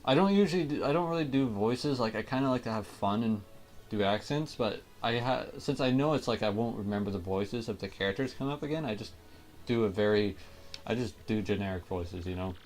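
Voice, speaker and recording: A man's voice: fairly low pitch, animated, fairly quick, a little mellow, faint music behind. A man, a let's play host, giving casual self-deprecating commentary over a video game. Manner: self-deprecating, laughs at himself.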